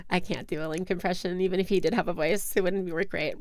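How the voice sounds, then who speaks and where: A woman's voice: lowish voice, fairly quick, slight background noise. A young woman streaming a game, chatting casually in a giggly, self-mocking way into a close mic. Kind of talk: casual live-stream chat.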